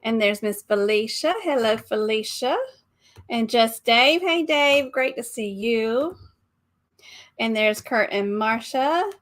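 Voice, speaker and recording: A woman with a Southern US accent, co-hosting a casual live travel stream, chatty and quick to laugh as she greets viewers by name. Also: a little high, lively intonation, a bit bright. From American South. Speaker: travel show co-host.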